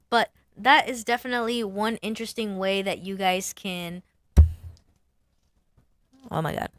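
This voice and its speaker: Gravelly woman muttering through a design walkthrough. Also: on the low side, a bit bright, dry recording. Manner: thinks aloud, muttering to herself while working. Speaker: sign designer. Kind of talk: casual screen-share design walkthrough.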